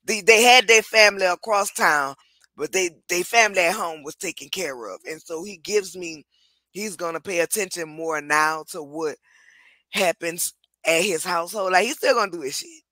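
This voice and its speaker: A woman's voice: fairly low pitch, normal speed, bright, forceful tone, no echo. A woman hosting a casual chat reviewing reality TV, talking bluntly and candidly at length.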